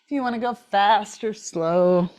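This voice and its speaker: A woman teaching a yoga class while moving along with it, out of breath, encouraging and relaxed, often repeating "right?" and "maybe you're here.". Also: mid-range voice, unhurried. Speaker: yoga instructor. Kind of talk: guided yoga class instruction.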